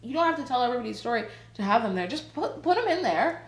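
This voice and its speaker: A woman's voice: fairly high pitch, big pitch swings, fast. A woman on a podcast panel, talking animatedly and filling her talk with "like" and restarts. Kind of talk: casual podcast discussion. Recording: echoey room.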